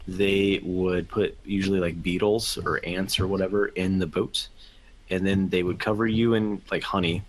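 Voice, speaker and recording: Deep-voiced male podcast co-host, rambling casual explainer. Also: steady tone, moderate pace. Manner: rambling explainer, hedging with likes and rights.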